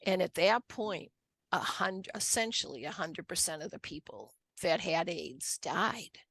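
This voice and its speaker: An older woman with a Boston accent tells her personal story as an interview guest, earnest and unhurried, often restarting and repeating words. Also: fairly low pitch, expressive, fairly bright tone, slightly rough, no room sound.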